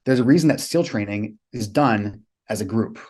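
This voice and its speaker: A man's voice: on the low side, moderate pace, darkish tone. A man, a guest on a podcast, telling stories vividly and emphatically, with blunt swearing. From United States. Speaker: guest, coach to clients. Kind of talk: storytelling in a podcast interview.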